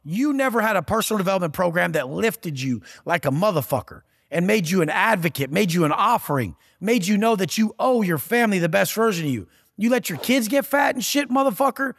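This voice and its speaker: A man's voice: high voice, animated, brisk, creaky, hardly any pauses, fairly bright tone, breathy edge, dry recording, clean studio sound, long reverb tail. A man giving a profane, aggressive motivational rant as a podcast guest, taunting and blunt.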